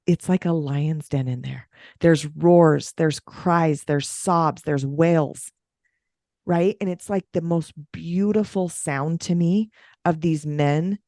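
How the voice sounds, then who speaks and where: Animated woman telling a story. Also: no room sound, clean studio sound. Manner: animated storytelling, big pitch swings. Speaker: breathwork facilitator. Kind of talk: podcast conversation.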